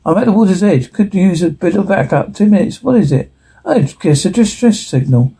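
A man's voice: high voice, lively intonation, normal speed, gravelly, mellow, slightly rough. A man reading a TV script aloud on his own, voicing every part and calling out the sound cues, with frequent stumbles and restarts. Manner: reads every part and stage direction in one voice, with stumbles and restarts. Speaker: solo reader voicing all parts and sound cues.

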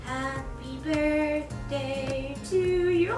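A woman of thirty in a casual birthday vlog, gushing and gasping with excitement as she unpacks and tries on outfits. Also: high voice, a little slow. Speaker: vlogger. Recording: echoey room, mic at a distance, loud music. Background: music.

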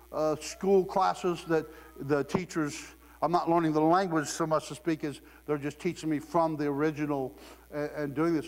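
A man from Ohio preaching a sermon in a conversational, humorous way, often laughing. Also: a little high. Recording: long hall reverb.

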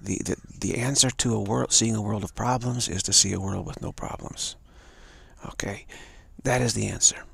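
A man giving a live spiritual talk, halting and repeating words as he tells a story and acts out the voices in it. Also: lowish voice, fairly even intonation, creaky, a bit bright, breathy edge, no echo. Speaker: spiritual teacher.

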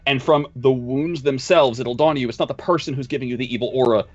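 A man's voice: medium pitch, fast talker, no echo, dull audio. A man narrating as game master, loose and profane, laughing between lines.

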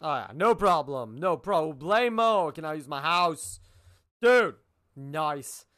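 A man's voice: a little high, animated, slow, bright, forceful tone. A man streaming a game live, playfully joking and bantering with the characters on screen and repeating lines for laughs. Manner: playful, jokey, talks back at the game characters; goofy, repeats lines for comic effect. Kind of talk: live gaming stream commentary.

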